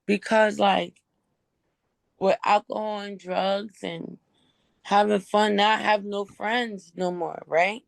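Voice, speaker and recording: A woman calling into a sobriety call with a hoarse, strained voice, speaking frankly and earnestly. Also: medium pitch, fairly even intonation, slow pace. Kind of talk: candid personal sharing.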